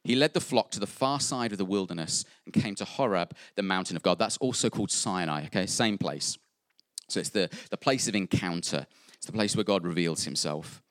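Chatty male preacher with a low voice. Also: a little fast, fairly bright tone, no room sound, clean studio sound. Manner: conversational, jokey, self-interrupting with fillers. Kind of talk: sermon.

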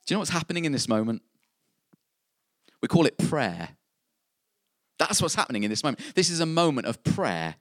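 A man's voice: on the high side, very animated, normal speed, long pauses, no room sound, clean studio sound. A man preaching a sermon, earnest and repeating key phrases for emphasis.

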